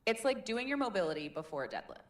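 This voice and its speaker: A woman's voice: medium pitch, very animated, quick pace. A woman leading a live public speaking workshop in a chatty, demonstrative, encouraging way. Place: meetup room in a tech hub.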